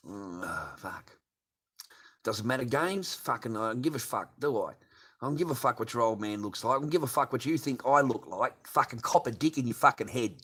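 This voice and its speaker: A man's voice: medium pitch, a bit bright, slightly rough. An older man hosting a late-night livestream, ranting crudely and swearing constantly. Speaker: livestream host.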